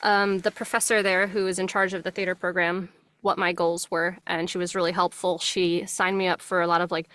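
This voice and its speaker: In a casual interview, a young voice actress with a subtle New Jersey accent talks briskly in a lowish voice, friendly and laughing easily. She works from a small home closet studio with a good microphone, and the sound is very dry and close, without echo.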